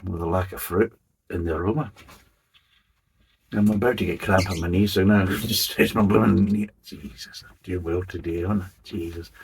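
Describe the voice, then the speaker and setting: A man's voice: low voice, vocal fry, darkish tone, slight background noise. A middle-aged man reviewing a beer in a chatty, rambling way, swearing casually as he goes.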